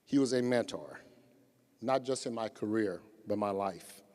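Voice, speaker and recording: A middle-aged man from Louisiana, an athletic director, delivering prepared memorial remarks in an earnest, measured way. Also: fairly low pitch, a little mellow. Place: large arena memorial service. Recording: long reverb in a big arena.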